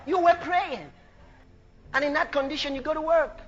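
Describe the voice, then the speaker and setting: A man preaching a sermon with passion, shouting out praise, laughing, and acting out the scripture quotes he tells. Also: very high-pitched, moderate pace, muffled recording, background noise.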